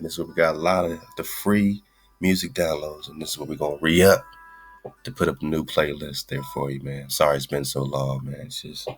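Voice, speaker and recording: A man with a low, deep voice hosts an internet radio stream. He talks in an easygoing, slangy ramble, addressing listeners as "man." Faint music plays underneath. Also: husky. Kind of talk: casual livestream talk.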